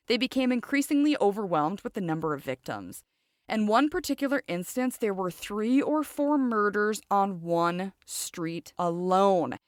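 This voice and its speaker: A woman's voice: medium pitch, no room sound, clean studio sound. A woman hosting a true crime podcast, narrating a case casually with chatty personal asides and questions to her listeners.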